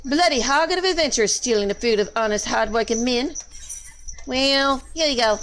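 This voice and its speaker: A woman's voice: on the high side, moderate pace, fairly bright tone, a little hiss or hum, natural voice. A woman reading a hungry, hard-working male gold prospector in a put-on Southern accent, folksy and grumbling.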